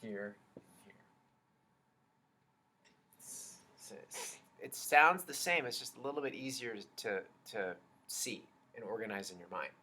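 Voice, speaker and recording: A man teaching a children's music lesson, explaining slowly and patiently and chanting rhythm syllables. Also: lowish voice, pushed and bright.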